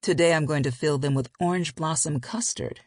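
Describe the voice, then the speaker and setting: A woman voicing a gruff, teasing grown man who speaks in a husky, growling tone. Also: moderate pace, darkish tone, no room sound, clean studio sound. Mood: easygoing. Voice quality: low and husky. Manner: growling, rough-edged banter.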